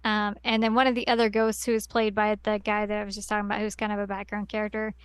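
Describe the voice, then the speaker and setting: Quick and monotone, a woman with a clear, resonant medium-pitched voice rambles through a plot recap on a podcast she co-hosts. The casual chat is full of fillers and restarts, and there's no room sound.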